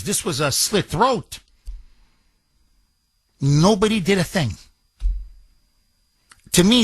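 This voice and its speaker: Impassioned high-voiced male radio host. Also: fairly bright tone, dry recording. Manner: impassioned, emphatic, repeats phrases for effect. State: recovering from broken ribs. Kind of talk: talk radio monologue.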